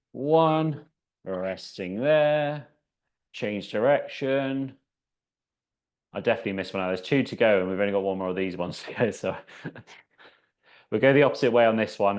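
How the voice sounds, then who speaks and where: Guy teaching a seated workout, lowish voice, chatty and upbeat, counting down reps. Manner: chatty, encouraging, counts down out loud, laughs at himself. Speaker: fitness instructor. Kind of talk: leading a seated exercise class.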